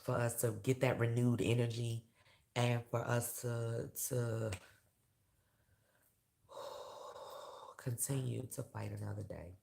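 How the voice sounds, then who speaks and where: A woman talking candidly to her viewers in a casual vlog, emotional and blunt, swearing freely and working herself up into loud rants. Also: very deep voice, steady tone, slow, vocal fry, pauses often, slight background noise. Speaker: vlogger and awards show host. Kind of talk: casual direct-to-camera vlog.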